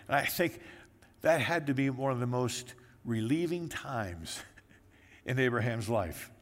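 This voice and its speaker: A male pastor preaching a sermon, telling the story in a lively way and briefly acting out the voices of the people in it. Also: mid-range voice, a little slow. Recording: echoey hall with long reverb.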